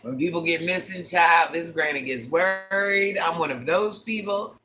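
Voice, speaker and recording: In a granny persona on a casual livestream, a man speaks at a moderate pace in a slightly high voice with a bright, forceful tone. He chats dramatically, welcoming viewers by name, repeating lines for effect, and using pet names like "child" and "honey bun."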